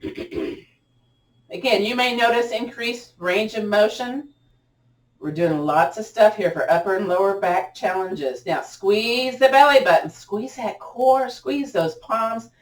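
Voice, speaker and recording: A woman leading a gentle yoga class, giving upbeat, cheering cues with chatty asides, her voice a little cracked as she clears her throat. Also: medium pitch, slow. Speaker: yoga instructor. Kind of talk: guided yoga class instruction. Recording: echoey room, distant mic.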